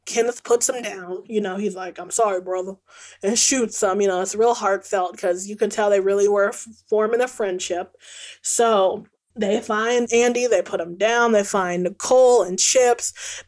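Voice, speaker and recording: Woman host with a slightly high voice, exasperated, swears and laughs through a casual recap. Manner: exasperated, swears freely, laughs mid-rant. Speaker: podcast host reviewing a film.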